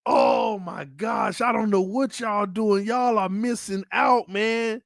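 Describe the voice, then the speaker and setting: A man hosting a sports fan channel, talking in a casual, animated, teasing way and breaking into loud excited hollering. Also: sits high, slow pace, gravelly, few pauses, dry recording, studio quality. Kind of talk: casual fan commentary vlog.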